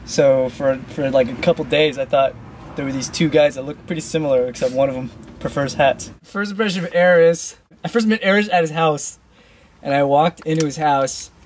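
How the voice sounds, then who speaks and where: Easygoing young man, slightly high voice. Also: fairly quick, slight background noise. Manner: laid-back, loose, full of "like" fillers. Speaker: dance crew member answering fan questions. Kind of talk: casual Q&A.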